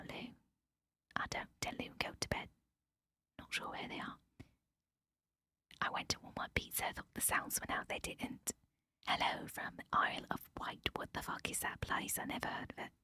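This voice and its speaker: A woman doing whispered role-play as a nosy gossip, putting on a mock British accent in a breathy whisper. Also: bright, forceful tone, dry recording, lightly acted. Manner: playful, gossipy, teasing.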